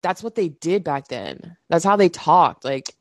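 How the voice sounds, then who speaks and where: A woman's voice: fairly low pitch, a little slow, no echo, clean studio sound. A woman from Southern California co-hosting a movie podcast, chatting casually, swearing and quoting lines. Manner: animated storytelling, quotes movie lines, swears freely. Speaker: podcast co-host. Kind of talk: casual chat.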